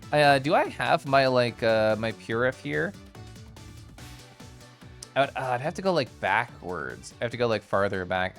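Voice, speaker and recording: A man's voice: on the high side, a bit bright. A man streaming live, chatting casually and playfully with his chat, often laughing and making silly noises.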